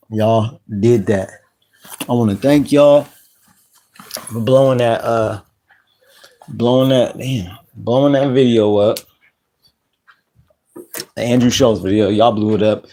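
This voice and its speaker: A man hosting a casual live stream, greeting viewers by name in relaxed slang. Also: mid-range voice, slow pace, pauses often. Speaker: channel host.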